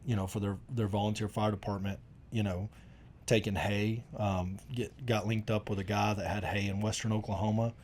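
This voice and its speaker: Low-voiced man telling stories. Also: level tone, moderate pace, darkish tone. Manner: folksy rambling storyteller, many restarts. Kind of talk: casual conversation.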